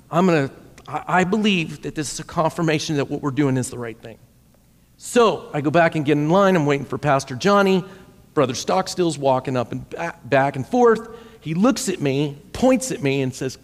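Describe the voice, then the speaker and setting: Storytelling pastor in a reverberant church. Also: male voice, on the high side. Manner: conversational, repeats words when telling a story. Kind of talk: sermon storytelling. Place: church sanctuary.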